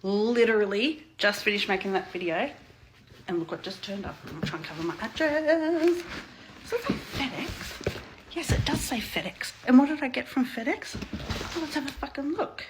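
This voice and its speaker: A woman in her thirties from Australia, casually unboxing on her vlog, excitable and gushing, swearing freely. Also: a little high, normal speed, noisy background. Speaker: vlogger.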